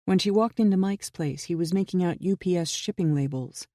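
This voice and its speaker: A gravelly, mellow audiobook narrator reads a suspense novel in even, measured storytelling. The sound is close and dry, with no room around the voice. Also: medium pitch, dry recording.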